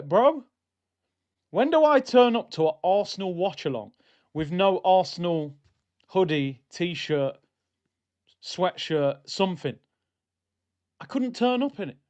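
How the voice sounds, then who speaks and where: A man's voice: high-pitched, unhurried, long pauses, dull audio. A young man, chatting animatedly and exasperated with his live-stream audience before a football match. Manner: animated, exasperated banter with chat. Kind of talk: casual live-stream chat.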